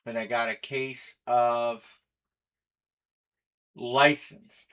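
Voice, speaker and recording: A man's voice: mid-range voice, fairly even intonation, very slow, long pauses, fairly bright tone, dull audio. Casual man hosting a live stream. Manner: casual, rambling, reads off players and teams. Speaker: stream host. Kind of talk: live breaking stream chat.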